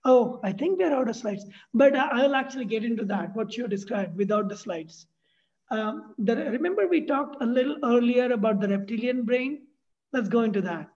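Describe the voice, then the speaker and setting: A man leading a workshop, explaining ideas in a lively way and acting out anxious inner voices. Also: very high voice, normal speed. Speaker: workshop facilitator. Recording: dull lo-fi sound.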